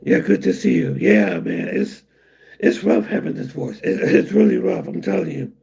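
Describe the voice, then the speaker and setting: Raspy, gravelly-voiced man chatting. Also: high voice, lively intonation, darkish tone. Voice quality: raspy, breathy, weak voice. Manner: rambling, halting, many fillers. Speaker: livestream host reading chat. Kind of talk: casual livestream chat.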